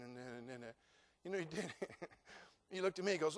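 A middle-aged male pastor preaching a sermon, folksy and joking, acting out dialogue and rising to loud, fervent passages. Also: a little high, very fast. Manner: animated preaching, acts out dialogue, rises to loud fervent climaxes.

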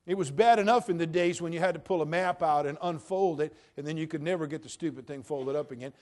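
A man preaching a sermon in a conversational way, with humorous asides and swings from quiet remarks to emphatic declarations. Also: a little high, fast talker. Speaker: pastor.

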